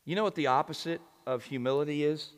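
A man with a high voice preaches a sermon, talking plainly and tossing questions to his listeners. His voice carries through a large hall with a long reverb. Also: fast, clean tone. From United States. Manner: conversational, asks the audience questions. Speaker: pastor.

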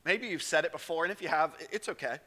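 A man delivering an earnest sermon as pastor, dropping into hushed low phrases and then rising to emphatic raised ones. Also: fast. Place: church sanctuary. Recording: long reverb of a church hall.

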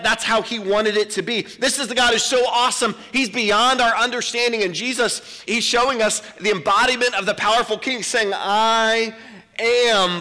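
A male pastor preaching a sermon, emphatic, slowing down to dwell on quoted scripture. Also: sits high, pushed and bright, in a large hall. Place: church sanctuary.

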